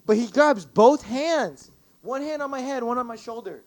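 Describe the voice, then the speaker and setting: A man's voice: very high-pitched, normal speed, no room sound. A young man, a podcast guest, telling a long rambling story in casual chat, swearing constantly and stacking fillers. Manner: profane, rambling and animated, many fillers.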